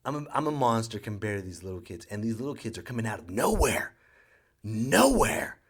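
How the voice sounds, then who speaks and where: Animated, exasperated male comedy storyteller. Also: fairly low pitch, fast talker. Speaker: podcast host.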